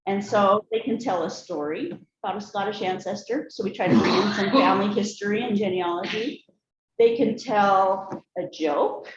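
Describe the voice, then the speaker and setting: A woman's voice: mid-range voice, moderate pace. A woman giving a cheerful, folksy speech to a group about her family traditions. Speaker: speaker giving a family talk. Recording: echoey room, slightly dull sound, faint noise.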